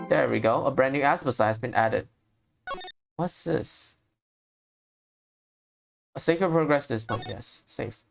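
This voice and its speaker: A woman's voice: deep voice, sing-song, unhurried, gravelly, long pauses. A woman streaming a game, chatting casually and hesitantly as she thinks aloud. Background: loud game music.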